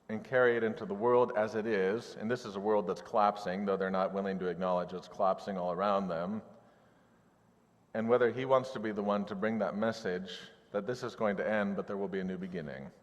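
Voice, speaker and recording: A man's voice: on the low side, long reverb tail, lo-fi sound. A male pastor preaching a sermon in a conversational way, with humorous asides.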